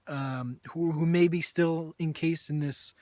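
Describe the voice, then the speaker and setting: Dude ranting earnestly to camera, pitch a bit high, dry sound. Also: male voice, fairly even intonation, unhurried, a little mellow, no echo. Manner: earnest, preachy, many restarts. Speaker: vegan video blogger and author. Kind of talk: opinion monologue.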